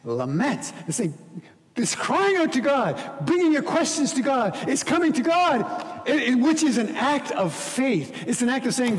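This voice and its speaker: A man preaching as pastor, earnest, dropping quiet for scripture reading and rising to emphatic pleading. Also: extremely high pitch, huge pitch swings, unhurried, in a large hall. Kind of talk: sermon.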